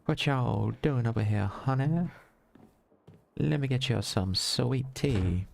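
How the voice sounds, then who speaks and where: A man's voice: medium pitch, slow pace, vocal fry, a little mellow, a little hiss or hum, pitched above the performer's own voice. A man voicing a prim Southern belle lady with an imitated American Southern drawl, shooing intruders off and offering hospitality. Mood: sugary. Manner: drawling, bossy then sugary.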